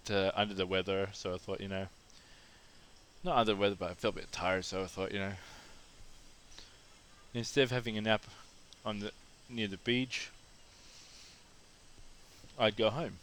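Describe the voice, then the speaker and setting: A man's voice: on the low side, steady tone, normal speed, long pauses, a bit bright, slight background noise. A man from Australia telling a rambling personal anecdote as a casual monologue, with frequent restarts and asides.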